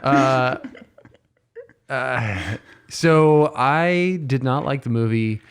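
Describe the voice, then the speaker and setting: Laughing, animated man chatting. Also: medium pitch, very slow, clear, resonant tone. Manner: animated, laughing, lots of restarts. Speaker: podcast guest. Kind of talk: casual podcast chat.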